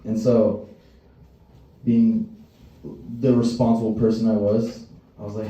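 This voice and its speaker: A man's voice: lowish voice, little pitch movement, unhurried, pauses often, dark tone, slight background noise. Profane young man telling stand-up stories. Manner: crude, profane storytelling with acted-out voices. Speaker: stand-up comedian. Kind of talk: stand-up set. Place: comedy stage before a live audience. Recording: distant, roomy live stage sound.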